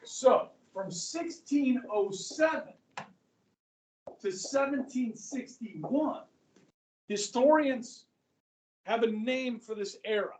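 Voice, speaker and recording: A man's voice: very high voice, takes it slowly, long pauses, a little mellow, recorded from a distance. Chatty male history teacher in echoey classroom. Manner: chatty, checks in often with students. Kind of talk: classroom lecture.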